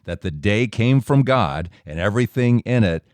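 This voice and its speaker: A middle-aged man hosting a show, telling a personal story in an animated way and acting out the dialogue. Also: moderate pace, no room sound. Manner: animated, acts out dialogue with big pitch jumps. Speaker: podcast host. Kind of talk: storytelling monologue.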